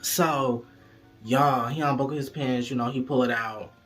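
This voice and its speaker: Bright, forceful man telling a wild story. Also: medium pitch, unhurried, soft background music. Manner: profane, animated, talks straight to viewers. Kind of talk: casual storytime.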